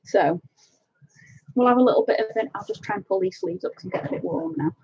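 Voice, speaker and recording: A woman's voice: high-pitched, very animated, fast, vocal fry, darkish tone, slightly rough, no room sound, dull audio. A woman hosting a casual colouring live stream from home on a webcam, chatting, laughing often and greeting viewers by name. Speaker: colouring channel host. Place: home, indoors.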